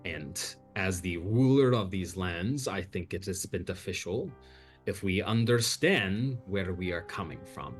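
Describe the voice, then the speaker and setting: A man voicing an imperious male vampire count, formal and measured in a tabletop game. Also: low-pitched, animated, soft background music. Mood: courtly.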